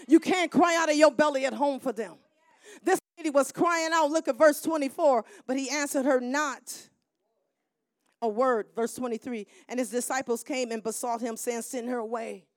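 Woman minister, middle-aged, high and bright, preaching with shouted builds; dry close sound. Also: normal speed, no echo. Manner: preaching with rising shouts and call-and-response. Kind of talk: sermon.

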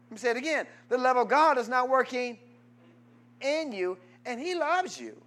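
A man pastor preaching a sermon, quizzing his congregation in call-and-response and swinging from loud exhortation to low asides. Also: very animated, moderate pace.

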